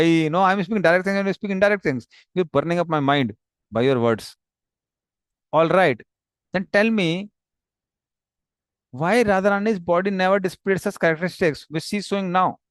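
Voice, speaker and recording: A man with a fairly high voice leads a scripture class, working through the text in a halting way with fillers and restarts. The sound is dry and close, with no room around it. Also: dry recording. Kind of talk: explaining a text, paraphrasing dialogue.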